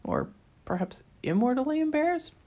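A woman's voice: high-pitched, sing-song, normal speed, dark tone. A woman reading an audiobook chapter aloud, telling it in the first person with a dry, wry tone. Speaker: audiobook narrator. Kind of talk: scripted narration.

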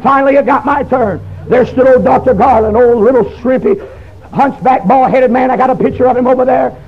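A man, preaching a testimony sermon in a folksy storytelling way that breaks into shouting. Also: extremely high pitch, brisk, breathy edge. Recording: dull lo-fi recording.

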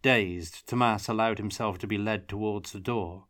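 A man's voice: lowish voice, fairly even intonation, moderate pace, a bit bright, no echo, clean studio sound. A man narrating a fantasy story, reading steadily. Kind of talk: audiobook narration.

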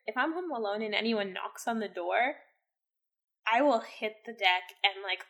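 A woman's voice: mid-range voice, normal speed, creaky, a bit bright. A woman in casual chat, telling a story in a rambling way with lots of "like". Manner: rambling storyteller, heavy use of "like".

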